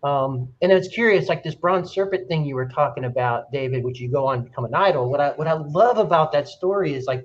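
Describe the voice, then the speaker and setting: Man, earnest, animated storyteller, casual discussion, dull lo-fi sound. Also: fairly high pitch, fast. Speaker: discussion participant.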